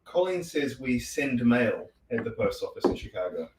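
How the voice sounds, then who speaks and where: A man's voice: medium pitch, very animated, moderate pace, distant mic, background noise. A man co-hosting a craft livestream, reading viewer comments aloud in a casual, offhand way. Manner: reads out viewer comments, offhand with small laughs. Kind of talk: casual live chat. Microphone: away from the mic. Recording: echoey, off-mic with faint clicks.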